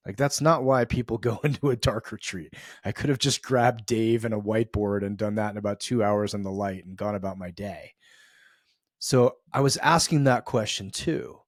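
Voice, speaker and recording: A man's voice: fairly low pitch, moderate pace, dry recording, studio quality. A middle-aged man from the US East Coast hosting a podcast, telling a reflective story in a loose, conversational way with many fillers and restarts. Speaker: podcast host.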